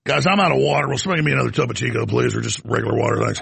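A man's voice: mid-range voice, rapid-fire, creaky, a bit bright, husky, no echo. A man hosting a show and giving an off-the-cuff commentary monologue, rambling with stammered restarts and coughing now and then. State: coughing, throat irritated. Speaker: show host.

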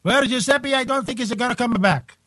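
Man doing a goofy italian cardinal, put-on accent, high voice, stumbling words. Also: fairly quick, pushed and bright, no echo, heavily acted. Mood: dithering.

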